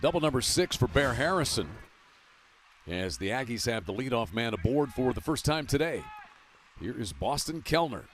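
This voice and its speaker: A man calling college baseball play-by-play with a brisk delivery that rises on big plays. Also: mid-range voice, sing-song. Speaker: play-by-play announcer. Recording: noisy ballpark broadcast.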